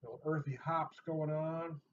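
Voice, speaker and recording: A man's voice: fairly high pitch, fairly even intonation, a little slow, a little hiss or hum. Jokey middle-aged man reviewing beer. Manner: jokey, rambling, laughs often at himself. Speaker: beer reviewer and channel host. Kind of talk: casual beer review vlog. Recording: dull lo-fi sound.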